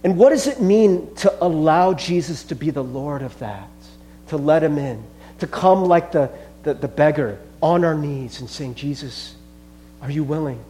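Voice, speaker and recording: A man's voice: a little high, animated, normal speed, warm tone, slight background noise. Earnest conversational man preaching a sermon. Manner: earnest, conversational preaching, often addressing "friends". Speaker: pastor.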